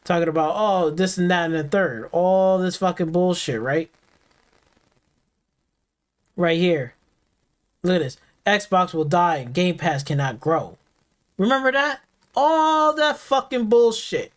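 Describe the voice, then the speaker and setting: A man's voice: high voice, lively intonation, unhurried, pauses often. A man hosting a gaming stream, delivering an angry, profanity-heavy reaction rant full of repetition. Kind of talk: ranting reaction commentary.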